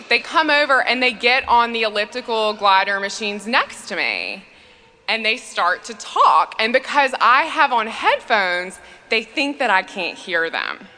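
Bright-voiced woman telling comic stories. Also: on the high side, very animated, unhurried. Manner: chatty comic storytelling, frequent fillers. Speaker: priest and speaker. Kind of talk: humorous conference talk. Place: church. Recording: long reverb in a church.

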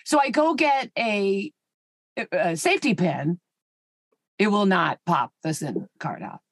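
A woman's voice: mid-range voice, sing-song, takes it slowly, no echo. A woman co-hosting a podcast over a video call, telling an exasperated story while holding her microphone in her hand. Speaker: podcast co-host. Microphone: handheld microphone.

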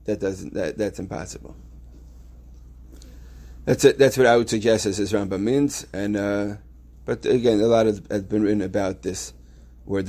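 Man, yeshiva teacher, Torah class, lowish voice, restarts often, explains step by step. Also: dark tone. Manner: explains step by step with frequent restarts, reading Hebrew texts aloud.

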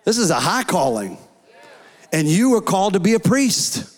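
A man preaching a sermon, earnest and rising to shouts in prayer. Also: sits high, very animated, normal speed. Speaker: pastor. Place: church hall. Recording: long hall reverb.

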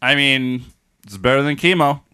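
A man co-hosting a casual podcast chat, asking questions and dropping deadpan jokes. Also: medium pitch, normal speed, clean tone. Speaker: podcast co-host.

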